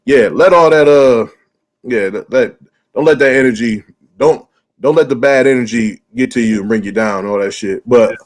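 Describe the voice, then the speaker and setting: A man's voice: medium pitch, normal speed. A man hosting a podcast, chatting casually and telling a story with lots of fillers and cursing. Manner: loose, profane, lots of "like" fillers. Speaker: podcast host.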